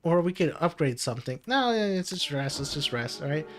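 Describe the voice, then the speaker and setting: Over soft music, a man whose voice is a little high and expressive speaks at a fairly quick clip. He's a gaming commentator casually narrating his card game as he plays, walking himself through every move, grumbling under his breath, and laughing when things go wrong.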